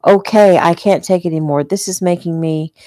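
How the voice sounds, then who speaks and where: A woman reading the part of a protective, impatient grown man who speaks softly and hesitantly. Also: fairly high pitch, steady tone, a little fast, no echo, studio quality, lightly acted.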